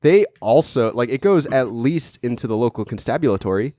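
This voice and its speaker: A man's voice: medium pitch, expressive, normal speed, warm tone, dry recording, clean studio sound. A man co-hosting a comedy podcast, telling the story in a loose, rambling way with plenty of restarts and filler. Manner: rambling, self-interrupting storyteller. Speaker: podcast co-host. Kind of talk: casual comedic chat.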